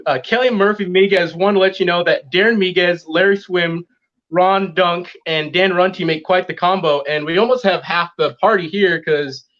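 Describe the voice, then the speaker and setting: A man's voice: high-pitched, normal speed, fairly bright tone. A man co-hosting a podcast, reading out viewer questions in a dry way. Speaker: co-host reading viewer comments. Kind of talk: casual podcast chat. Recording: dull lo-fi sound.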